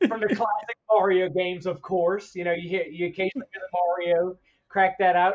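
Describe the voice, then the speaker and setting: A man's voice: high voice, steady tone, normal speed, lo-fi sound. A man co-hosting a podcast in casual chat, rambling and laughing between stories. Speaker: podcast co-host.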